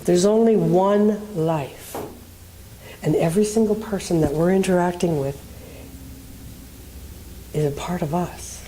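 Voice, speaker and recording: A woman's voice: on the low side, measured pace, pauses often, warm tone, slight background noise. A woman minister preaching in a conversational way, telling a personal story and acting out the people in it.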